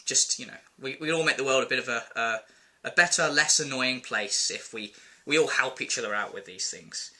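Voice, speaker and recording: A man's voice: mid-range voice, a little fast, hardly any pauses, bright, forceful tone. A man ranting casually to camera in a vlog, exasperated and rambling, with plenty of filler words. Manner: exasperated, rambling, quotes people in put-on voices. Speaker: vlogger.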